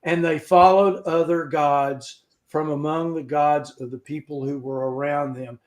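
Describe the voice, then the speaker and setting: A man teaching an informal scripture lesson over a video call, halting and folksy, with joking asides. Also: fairly high pitch, fairly even intonation. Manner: halting, with frequent restarts. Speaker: Bible study teacher.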